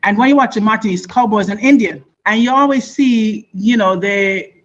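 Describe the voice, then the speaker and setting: A woman's voice: mid-range voice, moderate pace, lo-fi sound. A woman with a Jamaican accent, a guest on a radio interview, who tells stories with energy and acts out other people's voices. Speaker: guest, former basketball player.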